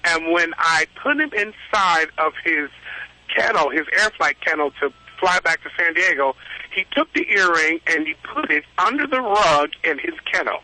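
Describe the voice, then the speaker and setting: A man, a reverend and animal communicator, telling animated stories as a radio guest over a phone line. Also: a little high, moderate pace, no room sound. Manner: animated storyteller, laughs often.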